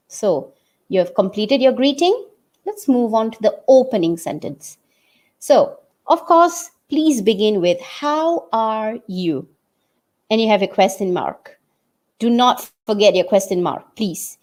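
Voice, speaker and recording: A woman's voice: fairly high pitch, a little mellow. A woman from Malaysia teaching English writing online, explaining step by step and checking in with "okay?" as she goes.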